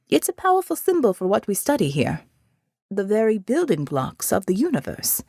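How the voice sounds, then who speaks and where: A woman voicing a polite young man with a faint Indian accent, a calm and reflective research scientist in an audiobook. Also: on the high side, dry recording, clean studio sound. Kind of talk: audiobook character voice.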